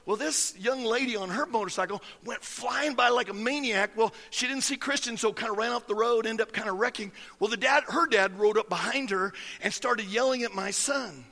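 A man's voice: very high-pitched, moderate pace, few pauses, sharp tone, in a large hall. A man preaching a sermon as pastor, folksy and emphatic, telling stories to his congregation.

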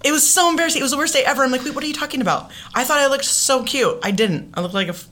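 A woman podcast guest and comedian in casual chat, telling stories with lively, playful delivery. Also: high voice, racing, slight background noise. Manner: animated storytelling with funny voices.

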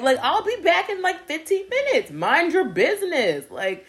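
A woman's voice: very high-pitched, normal speed. A young woman casually telling a story, laughing and acting out what people said. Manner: animated, laughing storytelling with acted-out quotes. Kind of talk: casual chat.

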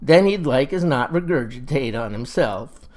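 A man's voice: medium pitch, lively intonation, moderate pace, a little mellow, lightly acted. A man playing a pompous, folksy Mississippi farmer, holding forth in a satirical comic monologue.

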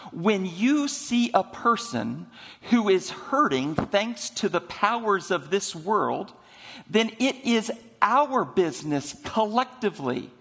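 High-voiced preacher in a reverberant sanctuary. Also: male voice, fairly bright tone. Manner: storytelling preacher, slows down for emphasis. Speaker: senior minister. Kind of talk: sermon. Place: church sanctuary. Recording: long reverb of a large sanctuary.

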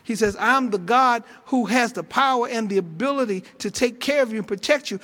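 High, bright-voiced preaching pastor. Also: male voice, brisk. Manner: preaching with call-and-response fervor, repeats phrases. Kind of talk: sermon.

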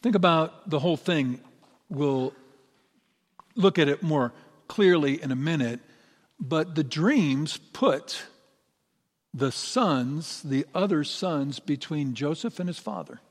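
A man's voice: on the high side, lively intonation, takes it slowly. Middle-aged male pastor preaching in a reverberant hall. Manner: earnest, building to emphatic peaks. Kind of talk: sermon. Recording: long reverb of a large hall.

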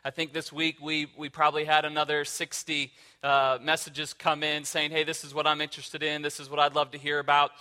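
A man's voice: a little high, completely flat delivery, brisk, hardly any pauses, sharp tone. A man who is a lead pastor, giving a sermon in a casual, conversational way with frequent fillers.

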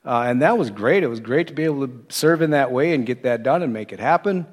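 A middle-aged man giving a sermon, telling his own story in a conversational way with animated quoted asides. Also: mid-range voice, quick pace, husky. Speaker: associate pastor turned preacher. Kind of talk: sermon with personal testimony.

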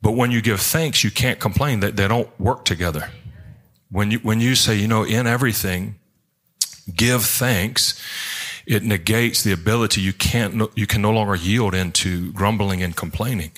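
A male pastor preaching a sermon in church, in an animated, rambling way, acting out quotes as he jumps between points. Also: fairly low pitch, moderate pace.

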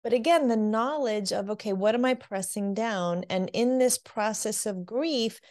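A woman working as a divorce coach, speaking candidly in an interview and telling her story with lively acted quotes. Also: fairly high pitch, normal speed. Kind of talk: interview conversation.

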